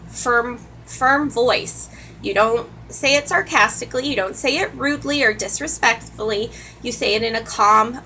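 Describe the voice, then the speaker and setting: A woman's voice: mid-range voice, sharp tone, slight background noise, rough recording. A woman teacher giving earnest classroom advice to other teachers, repeating key points for emphasis. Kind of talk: instructional talk to camera.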